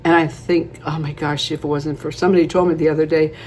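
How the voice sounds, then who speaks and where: A woman's voice: low voice, little pitch movement, quick pace, a little mellow, slight background noise. A woman in her eighties chatting casually to camera, rambling through stories and laughing often. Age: 80s. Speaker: beauty vlogger.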